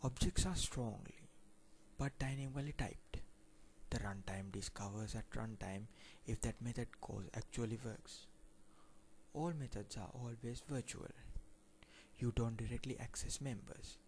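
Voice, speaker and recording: A man's voice: medium pitch, darkish tone, a little hiss or hum. A man teaching programming in a screen-recorded tutorial, reading code aloud line by line and plainly explaining what it does. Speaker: programming instructor.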